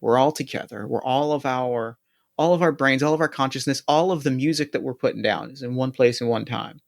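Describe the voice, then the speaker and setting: A big, boxy android who is easygoing and loose, stumbling over its words with friendly restarts, as a man plays it. The voice is mid-pitched and natural. It sounds like a tabletop game character. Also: creaky, natural voice. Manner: laid-back and halting, with many restarts. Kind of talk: tabletop role-play in character.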